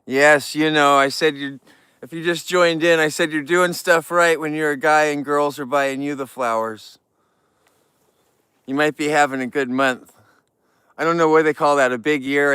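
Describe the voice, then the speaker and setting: A man's voice: on the high side, a bit bright, clear, resonant tone, no room sound. A man from California hosting a casual livestream, chatting and joking with viewers while trimming flowers. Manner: chatty, jokey, greets viewers. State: tired. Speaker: livestream host.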